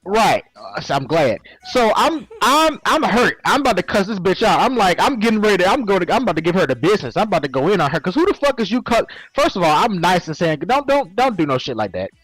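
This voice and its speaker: A man in his twenties co-hosting a talk show, telling a story in animated, slangy, swearing casual talk. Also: sits high, fast talker, few pauses, slightly rough, dry recording, poor audio. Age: 20s. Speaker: co-host. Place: Second Life voice chat.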